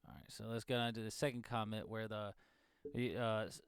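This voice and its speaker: A man co-hosting a casual gaming podcast, animated and mocking, swearing freely. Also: fairly low pitch, fairly quick, clear, resonant tone, dry recording, studio quality. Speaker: podcast co-host.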